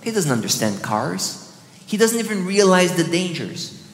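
A male pastor telling a personal story in a sermon, animated and acting out his own lines in a higher voice. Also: measured pace, echoey room, long reverb tail, slight background noise.

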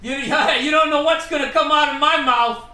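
A man putting on the voice of a cocky man who thinks he is dangerous, mocking him in a high, slow voice. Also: fairly even intonation, bright, forceful tone, echoey room, exaggerated voice. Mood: smug taunting. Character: cocky self-styled dangerous man, smug and taunting.

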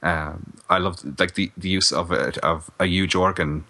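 A middle-aged man co-hosting a casual film review podcast, chatty and animated, laughing often. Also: sits low, normal speed, gravelly, a little hiss or hum. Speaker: podcast co-host.

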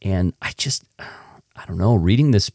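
Deep gravelly man interviewing earnestly. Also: expressive, measured pace, mellow, dry recording, studio quality. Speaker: interviewer host. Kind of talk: reflective interview questions.

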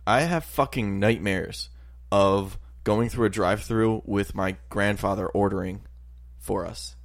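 A young man co-hosting a podcast in casual chat, an animated storyteller who swears often and shouts his impressions. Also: lowish voice, unhurried. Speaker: podcast co-host.

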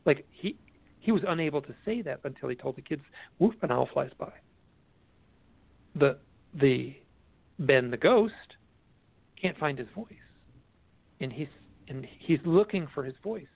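A man, a guest author, telling stories in a casual interview, animated and often restarting his sentences, heard over a phone line. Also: on the high side, unhurried, gravelly, pauses often, slightly rough, no echo. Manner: animated storyteller, restarts a lot. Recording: tinny dry phone line.

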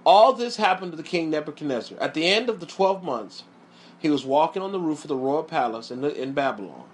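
A man preaching a sermon, emphatic and repetitive, often pausing to tell his listeners to watch closely. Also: a little high, expressive, husky.

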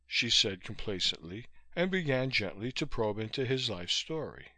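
Man narrating an audiobook, bright voice. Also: medium pitch, sing-song, normal speed, hardly any pauses, dry recording. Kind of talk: scripted narration.

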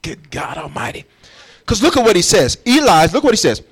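A man's voice: sits high, sing-song, fairly quick, breathy edge. A man preaching a sermon as pastor, emphatic and urging his congregation along as he explains scripture. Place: church.

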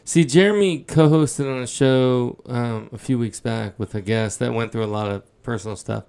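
Smooth, slightly gravelly enthusiastic male host. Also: medium pitch, moderate pace, a little mellow. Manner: enthusiastic, profane. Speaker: podcast host. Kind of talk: casual talk show chat.

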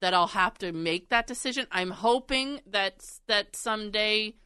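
A woman's voice: mid-range voice, a little slow, sharp tone, clear, resonant tone, no room sound. A woman co-hosting a casual chat, telling stories and laughing often. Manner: storytelling with frequent laughs.

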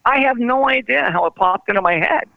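A former tour manager with a very high, creaky voice talks briskly and with animation in a storytelling interview by phone. The line is tinny and dry with no room sound, and he acts out the dialogue from his road stories.

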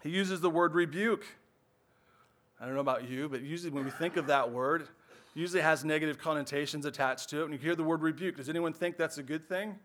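A man's voice: on the high side, fast talker, a bit bright. A man preaching as a pastor in a church, earnest and explanatory, often checking in with "right?". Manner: earnest preaching, frequent "right?" tag questions. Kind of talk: sermon.

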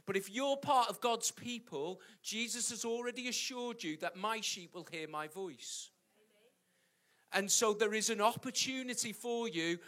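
A man's voice: high voice, fairly bright tone. A British man preaching a sermon, emphatic and repeating his key points, with jokey asides. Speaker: pastor.

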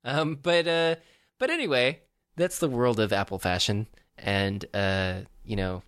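A man co-hosting a podcast in casual chat, rambling and joking with lots of fillers and restarts, often jumping up in pitch when amused. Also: unhurried, fairly bright tone, clear, resonant tone, no echo, studio quality. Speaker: podcast co-host.

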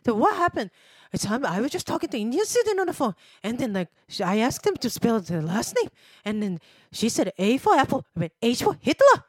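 A woman co-hosting a casual talk show, telling stories with loud laughs and non-native grammar. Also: fairly high pitch, sing-song, brisk, slightly rough. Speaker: podcast co-host. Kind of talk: casual chat.

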